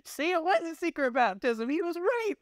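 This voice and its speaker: A man co-hosting a casual comedic chat, teasing his partner with quick jokey comebacks. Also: extremely high pitch, sing-song, no room sound, clean studio sound. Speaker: podcast co-host.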